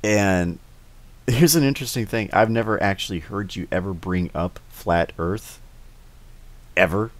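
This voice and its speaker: Deep-voiced, hesitant male host. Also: a little slow, no room sound. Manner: hesitant, full of restarts and fillers. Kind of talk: casual interview.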